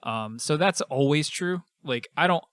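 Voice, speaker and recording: A man's voice: fairly high pitch, expressive, unhurried, a bit bright, dry recording. A man co-hosting a gaming podcast, easygoing and agreeable in casual chat. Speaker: podcast co-host.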